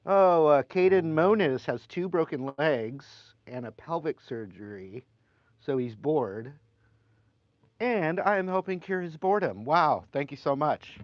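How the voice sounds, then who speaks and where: A man's voice: fairly high pitch, animated, measured pace, no room sound. Chatty man teaching guitar on a live stream. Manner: chatty, reads viewer comments aloud between playing. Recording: slightly dull sound with guitar playing.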